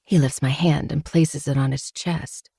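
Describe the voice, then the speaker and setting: Woman narrator for a first-person romance novel, low, gravelly, dry close sound. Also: steady tone, measured pace, mellow, no room sound.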